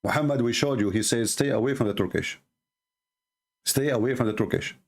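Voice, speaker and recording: A man whose first language is Arabic hosts a live debate show, speaking with an Arabic accent. He argues emphatically, repeats phrases and slows down to drive his points home. His voice sits at a medium pitch.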